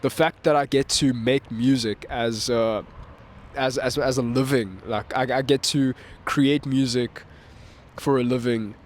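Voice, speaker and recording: A man, a musician making a vlog, talking in a casual, rambling way with frequent laughs and restarts, outdoors. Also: medium pitch. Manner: rambling, self-correcting, laughs often. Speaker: musician vlogger. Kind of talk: casual reflective monologue. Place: outdoors in a town with birds.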